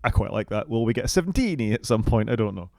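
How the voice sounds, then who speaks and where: A man with a fairly low voice co-hosts a relaxed tech podcast, weighing his points carefully with a dry, sceptical edge. The recording is close and dry, with no room echo. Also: fast talker. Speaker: podcast co-host. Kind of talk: casual tech chat.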